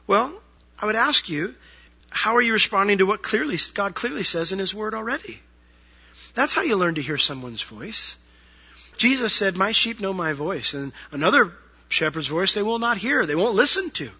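A male pastor with a high, sharp, husky voice preaches in an easy conversational way, slipping into little acted bits to make his point. The recording sounds dull and lo-fi. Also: lively intonation, moderate pace. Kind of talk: sermon.

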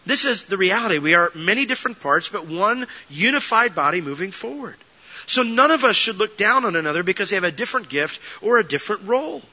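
A man pastor delivering a sermon, telling stories with lively energy and dropping to soft earnest tones. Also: sits high, fast talker, dull audio. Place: church sanctuary.

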